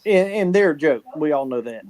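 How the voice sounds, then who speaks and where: A man with a thick Southern US accent talks bluntly and folksily in a casual podcast chat. His voice sits high for a man. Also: animated, fairly quick, darkish tone, poor audio. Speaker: guest on fan podcast.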